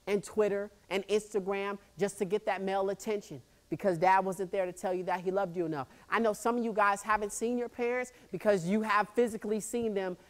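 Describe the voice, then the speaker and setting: Animated man telling stories to students. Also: high-pitched, brisk, few pauses. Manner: animated storyteller who acts out scenes, makes sound effects and quizzes the crowd. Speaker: motivational speaker. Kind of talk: motivational school assembly speech. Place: high school assembly hall.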